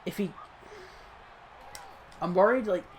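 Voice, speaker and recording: A man's voice: high voice, takes it slowly. A man casually commenting on his own football video game match, chatty and self-critical, breaking into short laughs. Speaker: gaming channel host.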